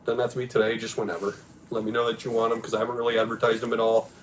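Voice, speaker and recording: A man's voice: mid-range voice, little pitch movement, rapid-fire, a little hiss or hum, poor audio. A man who runs a game store, hosting a casual stream about a game league with a laid-back, rambling way of talking. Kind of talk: casual chat.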